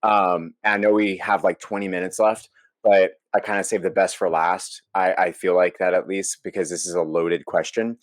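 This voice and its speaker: A man's voice: deep voice, level tone, normal speed, no echo. A man hosting a podcast, asking rambling, self-correcting questions in casual chat. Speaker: podcast host.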